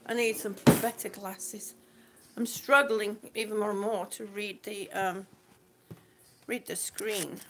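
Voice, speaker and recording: A woman's voice: mid-range voice, little pitch movement, slow pace, very noisy. A woman chatting on a live stream, reading out viewer comments in an affectionate, chatty way and calling people sweetie. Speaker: vlogger reading live chat. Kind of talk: casual live-stream chat.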